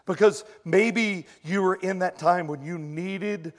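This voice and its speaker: A male pastor preaching a sermon in an animated way, acting out his listeners' reactions. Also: high-pitched, takes it slowly.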